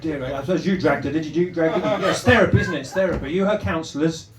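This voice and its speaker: In a live comedy club, a man works the crowd with stand-up, teasing the audience through rambling, stammering restarts. His voice sits fairly high and he talks quickly. The distant mic picks up an echoey club full of loud noise.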